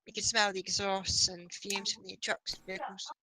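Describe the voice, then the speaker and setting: Bright, high-voiced young English man. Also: level tone, normal speed, no room sound. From England. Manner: high-pitched voice, chatty. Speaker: podcast guest. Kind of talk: casual chat.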